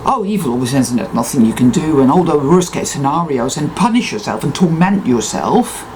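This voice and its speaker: A woman talks in an intense, emphatic monologue that swears freely. Her pitch swings widely, and her tone stays mellow and warm. Faint noise sits behind her. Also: sing-song, fairly quick, low-quality recording. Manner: emphatic, intense and profane self-affirmation. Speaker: spiritual vlogger. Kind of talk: unscripted personal monologue.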